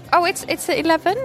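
A woman's voice: very high-pitched, fairly bright tone. A woman playing in a tabletop game, talking casually and playfully and laughing often. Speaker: player.

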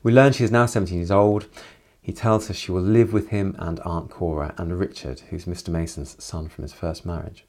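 A man's voice: low voice, fairly even intonation, brisk, darkish tone. A man summarizing a novel chapter by chapter, adding reflective personal asides. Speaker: literature commentator.

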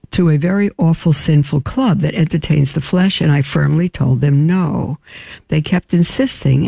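A woman, a religious sister hosting a talk show, reads listener emails aloud and answers them in an earnest, halting, frank way. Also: deep voice, creaky, mellow, slightly rough, no echo.

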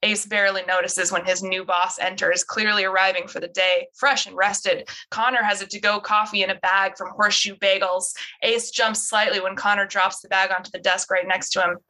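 A young woman reads her own script in a casual, slightly awkward read-through, close to the mic. Her voice is bright and forceful, with a middle pitch. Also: little pitch movement, moderate pace, hardly any pauses, poor audio. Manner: awkward, self-interrupting reading with laughs. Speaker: writer reading her script.

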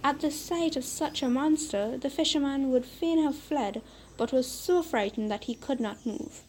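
A woman hosting a podcast, reading a fairytale aloud in a measured, unhurried storybook manner. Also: sits high, darkish tone, slight background noise, rough recording.

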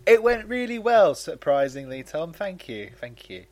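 A man co-hosting casual comedic banter, quick to protest and sound exasperated. His slightly high voice swings widely in pitch. He speaks in casual, unscripted bursts. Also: big pitch swings.

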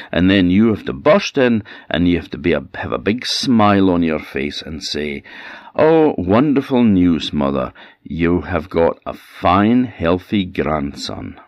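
A man with an Orcadian accent voicing a kindly male guardian spirit in a storybook tale, calm and reassuring. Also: a bass voice, dry recording, muffled recording, exaggerated voice. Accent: Orcadian Scots.

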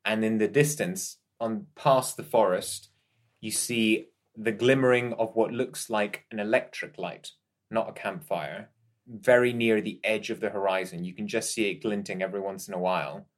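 A man narrating a tabletop horror game as game master, in measured descriptions with frequent pauses. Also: fairly low pitch, fairly even intonation.

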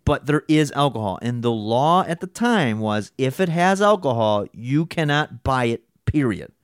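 A man's voice: mid-range voice, animated, normal speed, clean tone, no echo, studio quality. A man chatting casually as a podcast co-host, telling stories with lots of swearing and acting out other people's voices. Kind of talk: casual storytelling chat.

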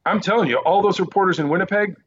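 Man, news correspondent, animated anecdotes, quick asides, casual interview, dull lo-fi line. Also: high voice. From Quebec Eastern Townships, Canada. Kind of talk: casual podcast interview storytelling.

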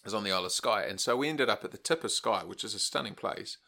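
A man from New Zealand co-hosting a podcast, telling stories in a relaxed way and laughing often. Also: lowish voice, fast, vocal fry. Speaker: podcast co-host. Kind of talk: casual chat.

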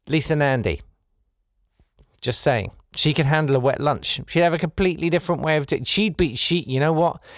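A man hosting a comedy podcast, delivering a sardonic satirical monologue, swinging between loud bursts and quiet asides. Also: a little high, normal speed, dry recording, studio quality.

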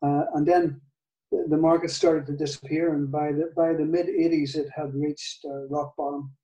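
An older man with a Northern Irish accent, telling a story in an interview, halting, with many restarts and soft laughs. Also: a little high, level tone, recorded from a distance, dull audio. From Northern Ireland. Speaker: guitar maker, guest. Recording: echoey room, off-mic.

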